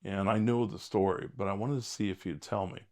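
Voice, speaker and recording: A fairly low-voiced older man tells old case stories as an interview guest. He is blunt and wryly funny, and he wanders through his sentences with plenty of "uh" and "you know.". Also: fairly even intonation, fairly quick, a little mellow. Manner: blunt, wry, rambling with many fillers. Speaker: retired detective, guest. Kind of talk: storytelling interview.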